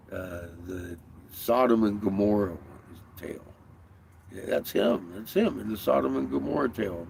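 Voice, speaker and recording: A man's voice: lowish voice, creaky, noisy background. A man delivering a heated, rambling, profanity-laced monologue while riding in a vehicle. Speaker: video creator. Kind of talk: casual rant.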